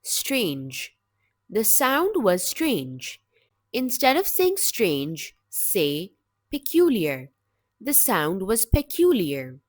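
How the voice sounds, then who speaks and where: A woman teaching English vocabulary in a slow, deliberate scripted lesson, with measured, clear word-by-word delivery. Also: mid-range voice, wildly swooping pitch, dry recording, clean studio sound.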